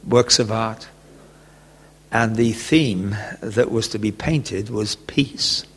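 A man preaching a sermon, telling a gentle personal story and often chuckling. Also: fairly low pitch, slow. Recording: long echoey reverb.

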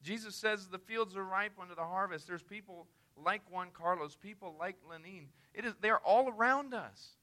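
Male missionary preacher, emphatic storyteller, sharp, ringing tone. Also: sits high, moderate pace, hardly any pauses. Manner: earnest, emphatic, conversational. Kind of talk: sermon storytelling.

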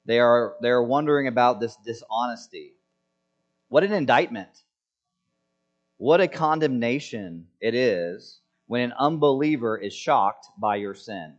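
A man delivers a sermon in an emphatic voice, pressing rhetorical questions and then dropping to a hush. His voice sits at a middle pitch. The recording is a little muffled. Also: animated, a little slow. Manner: emphatic, rhetorical questions, swings from loud to hushed. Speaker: preacher. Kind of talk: expository sermon.

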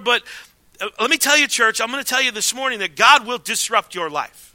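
A man preaching a sermon as pastor, emphatic, swinging between loud declarations and hushed asides. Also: very high-pitched, a little fast, dry recording.

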